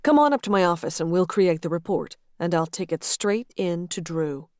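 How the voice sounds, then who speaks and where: A woman reader voicing a confident, flirtatious male executive with a calm, amused drawl. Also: lowish voice, normal speed, no room sound, studio quality, close to an everyday voice. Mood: assured.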